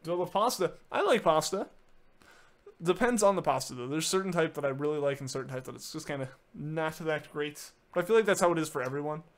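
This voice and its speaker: A fast-talking man with a high-leaning voice and lively intonation streams a game and chats casually, replying to viewer messages. Filler words, especially "like," crowd his speech, and he restarts sentences frequently.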